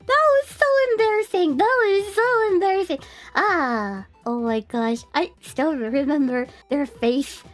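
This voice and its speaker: A woman streaming in casual chat, speaking halting English as a second language, laughing often as she tells stories and using many fillers. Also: high-pitched, soft background music. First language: not English. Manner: giggly, laughs often while telling stories.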